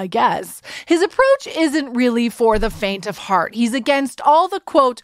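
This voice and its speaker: A woman hosts a comedic podcast, talking in an animated, playful way with quick asides. Her voice sits fairly high. The sound is close and dry. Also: no echo. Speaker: podcast host.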